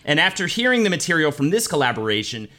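Guy hosting a chatty comedy podcast, bouncy and bright, keeps cracking jokes. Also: a little high, quick pace. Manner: lively, jokey storyteller. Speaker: podcast co-host. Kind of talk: casual comedic chat.

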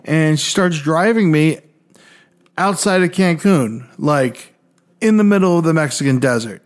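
A young man co-hosting a podcast, telling stories casually in an animated, profane way and acting out other people's voices. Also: fairly high pitch, unhurried. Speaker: podcast co-host. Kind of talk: casual storytelling.

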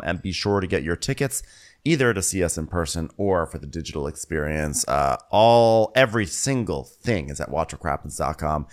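A man co-hosting a podcast, chatting casually and laughing often as he recaps. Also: sits low. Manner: animated, laughs often, mimics others. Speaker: podcast co-host.

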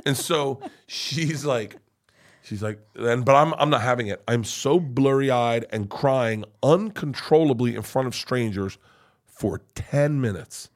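Profane, animated middle-aged male storyteller. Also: medium pitch, unhurried. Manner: profane, animated, swings from hushed to loud. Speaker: podcast guest. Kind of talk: casual storytelling.

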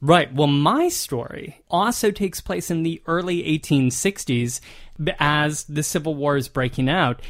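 A man with a somewhat high voice narrates a historical ghost story on a podcast. He talks in a relaxed, conversational way and reads old newspaper passages aloud. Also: measured pace. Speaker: podcast co-host.

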